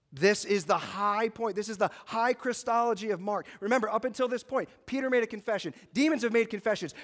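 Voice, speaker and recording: High-pitched man preaching a sermon. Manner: dramatic preaching, acting out the high priest's questions. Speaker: pastor.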